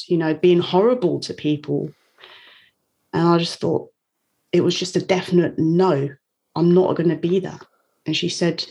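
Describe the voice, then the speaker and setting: A woman's voice: lowish voice, creaky, a little mellow. A woman, a guest on an interview, telling a personal story openly and emotionally, laughing now and then. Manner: candid, emotional, laughs often.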